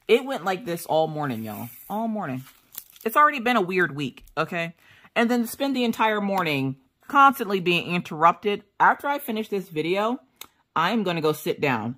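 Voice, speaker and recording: A woman with a lowish voice vlogs about her crafts in casual chat at a moderate pace. She's an animated storyteller who laughs often and acts out what people said.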